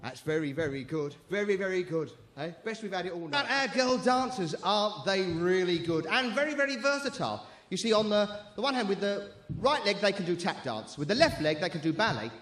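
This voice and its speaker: A man's voice: high-pitched, animated, fairly quick, hardly any pauses, fairly bright tone. A man compering a live show, bantering with the crowd in a cheeky, bawdy way. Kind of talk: stand-up compering. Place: live venue stage.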